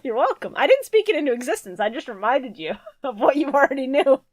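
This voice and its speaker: A woman's voice: high voice, very animated, fast talker, dry recording. A woman co-hosting a casual comedy podcast, swearing freely and laughing through her riffs. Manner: laughing, profane, riffs in silly voices. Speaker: podcast co-host.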